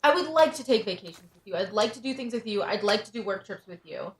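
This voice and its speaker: A woman in her thirties, a livestream host, chats casually in a medium-pitched, animated voice, talking fast. She vents her frustration and keeps restarting her sentences. The room echoes, and faint music plays behind her.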